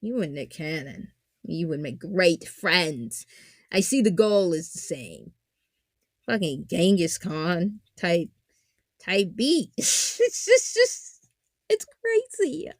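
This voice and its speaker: A woman hosting a casual anime analysis podcast, joking and animated, swinging from loud exclamations to low muttered asides. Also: takes it slowly, dry recording, clean studio sound. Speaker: podcast host.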